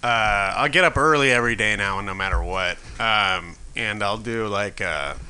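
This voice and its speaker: A man's voice: on the low side, normal speed, pushed and bright, clean tone. A man in his thirties chatting casually, hesitant and full of fillers, with crude jokes. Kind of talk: casual chat.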